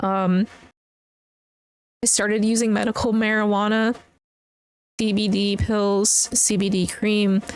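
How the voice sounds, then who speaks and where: A woman hosting her own podcast, telling a personal story in a candid, halting way with fillers and blunt swearing. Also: medium pitch, low-quality recording. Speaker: podcast host.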